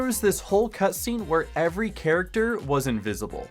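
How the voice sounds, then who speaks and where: A man giving scripted video game retrospective commentary in a sarcastic, jokey way, breaking into loud exclamations. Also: high-pitched, very animated, brisk, faint music behind. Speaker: gaming YouTuber.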